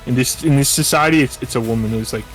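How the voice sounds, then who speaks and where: A man's voice: mid-range voice, quick pace, over music, low-quality recording. A man co-hosting a casual book discussion podcast, speaking hesitantly with stammering restarts. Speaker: podcast co-host.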